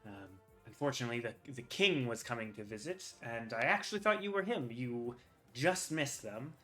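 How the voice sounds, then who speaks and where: A man's voice: mid-range voice, animated, moderate pace, pushed and bright, faint music behind. Man doing an eager injured elder mage. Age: 40s. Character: excitable injured male elder mage mentor.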